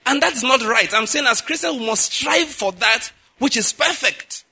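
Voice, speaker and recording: A man's voice: very high-pitched, expressive, moderate pace, vocal fry, bright, forceful tone, slightly rough. A man preaching a sermon as a pastor, emphatic, often checking in with the listeners with asides. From Nigeria.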